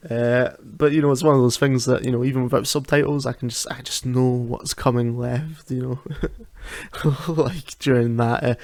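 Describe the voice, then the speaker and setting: A man's voice: mid-range voice, steady tone, normal speed, darkish tone, no room sound. A man, hosting a casual solo talk at home, chatty and self-deprecating, laughing often and restarting his sentences. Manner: rambling with frequent restarts. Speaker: podcast host. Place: at home at night.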